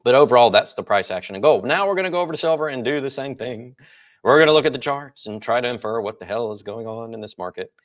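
A man's voice: mid-range voice, expressive, fast. A man hosting a market report, explaining charts in a casual, explanatory way. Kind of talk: financial market commentary.

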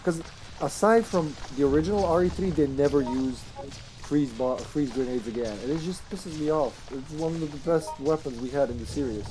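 A man's voice: on the high side, music in the background. A man streaming a survival horror game online, chatting casually and animatedly while he plays, with some swearing. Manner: animated, swears, puts on quick voices. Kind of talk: casual gaming chat.

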